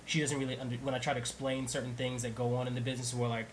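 Fast-talking man, earnest and reflective. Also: mid-range voice, level tone, a little hiss or hum, rough recording. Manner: earnest, reflective, restarts his phrases. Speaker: actor. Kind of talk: casual conversation.

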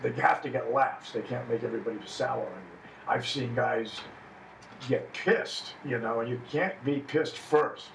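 A stand-up comedian chats casually with fellow comics, rambling and acting out the lines he quotes. His mid-range voice is gravelly and moves at a moderate pace. The mic sits at a distance in an echoey room, with a little hiss or hum.

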